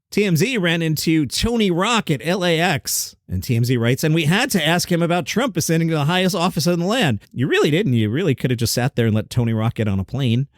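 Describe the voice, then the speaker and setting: A male podcast host runs through comedy industry headlines in a wry, rambling monologue full of self-deprecating asides. His pitch swings widely from line to line. The sound is close and dry, with no room tone. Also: no room sound.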